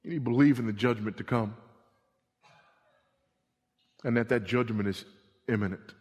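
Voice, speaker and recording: Preaching man in a reverberant church hall. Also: normal speed. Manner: emphatic preaching, swinging from loud repetition to hushed low delivery. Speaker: pastor. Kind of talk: sermon. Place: church sanctuary.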